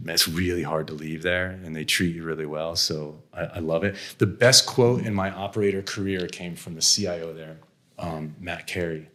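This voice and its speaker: A middle-aged man from the United States with a very low voice tells stories from his working life. He talks bluntly and casually, mocking himself and laughing now and then. His manner is frank and conversational, with the odd swear word. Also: steady tone, moderate pace, bright, forceful tone. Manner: blunt, self-deprecating, laughs often, mild swearing. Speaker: interview guest, venture investor. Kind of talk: candid conversational storytelling.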